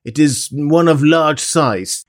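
A man's voice: a little high, slow, pitched above the performer's own voice. A man reading the part of a hot-tempered Canadian harpooner, eager and restless in an audiobook. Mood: longing.

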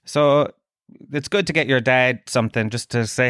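A man rambles through a crude comic monologue as a podcast host, jumping between jokes and voiced quotes. His voice sits at an ordinary middle pitch, recorded close and dry with no room sound. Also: moderate pace, fairly bright tone, clean tone, no room sound. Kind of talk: comedic monologue.

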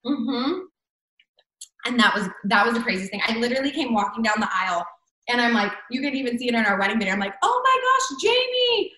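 A woman's voice: fairly high pitch, fast, sharp tone, reverberant, low-quality recording. A woman telling a personal story in casual chat, full of "like" and "I'm like" fillers. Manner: chatty, many fillers and "like". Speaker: guest.

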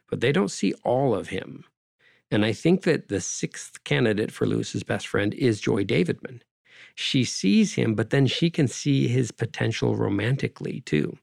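A man's voice: on the low side, gravelly, a little mellow, dry recording, clean studio sound. A man speaking as an interview guest in a discursive, conversational way, often adding "right?" and "you know".

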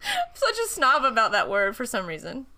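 A woman with a high, bright voice that bounces all over the place, playful and quick to giggle. She banters casually as a podcast co-host, teasing and joking. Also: huge pitch swings. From Appalachia. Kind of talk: casual chat.

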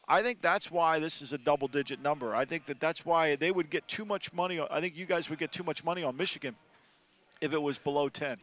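A man's voice: on the high side, quick pace, a bit bright. A man analyzing college football in casual talk, emphatic and repeating "I think".

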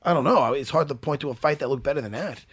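A man hosting a sports talk show, chatting casually and excitably, laughing often. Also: fast talker, husky. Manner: excitable, laughs often, animated swings in pitch. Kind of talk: casual studio banter.

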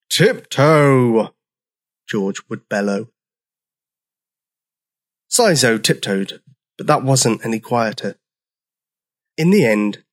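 A man narrating a children's story in a slow, gentle, expressive reading. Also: medium pitch.

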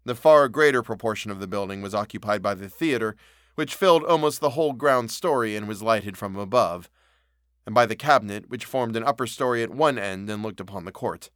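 A man narrating an audiobook of a classic novel, reading in a measured, solemn way. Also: fairly low pitch, fairly bright tone, dry recording, studio quality.

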